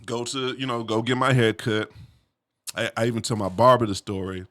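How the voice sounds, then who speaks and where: A man recounts a story from his own life in a loose, animated way, peppered with street slang and asides to the listener. His voice is bright and forceful, sitting at an ordinary middle pitch for a man. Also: a little fast. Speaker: vlogger telling a personal story. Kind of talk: casual storytelling.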